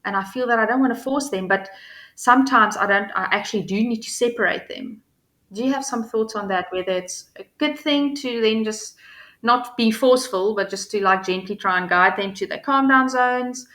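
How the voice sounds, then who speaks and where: A woman's voice: fairly high pitch, normal speed, a bit bright. A mother on a coaching call, asking earnest, thoughtful questions with some hesitation.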